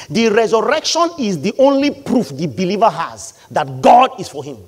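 Lively preacher man. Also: sits high, brisk, few pauses, breathy edge. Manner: emphatic preacher, repeating lines and acting out the congregation. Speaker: pastor. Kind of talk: sermon.

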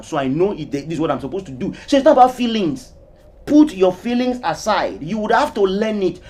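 A man preaching a sermon, with emphatic, sweeping swings of pitch, rhetorical questions, and scripture quotes stretched out slowly. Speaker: pastor.

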